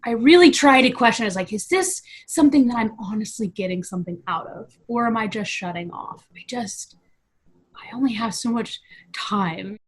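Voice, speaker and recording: Chatty, laughing woman with a higher voice. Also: lively intonation, moderate pace. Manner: chatty, laughs often, lots of "you know". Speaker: guest, VFX artist. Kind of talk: casual interview chat.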